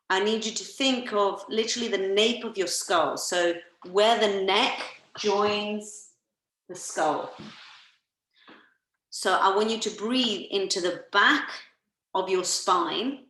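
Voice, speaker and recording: A woman massage therapist leading a workshop, calmly coaching listeners through guided breathing on a video call. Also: medium pitch, echoey room, rough recording.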